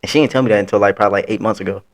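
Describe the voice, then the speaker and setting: Quick, low-voiced man co-hosting a podcast. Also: fairly even intonation. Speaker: podcast co-host. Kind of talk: casual chat.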